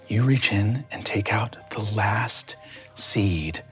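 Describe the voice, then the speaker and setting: Slow hushed male game master. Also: on the low side, animated. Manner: slow, measured, hushed narration. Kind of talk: narrating a tabletop game. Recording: faint music underneath.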